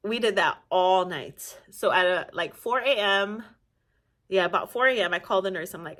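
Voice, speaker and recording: Animated woman telling a birth story. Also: mid-range voice, normal speed. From Nigeria. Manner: animated, laughing often, acting out quoted voices. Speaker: vlogger. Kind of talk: casual storytelling.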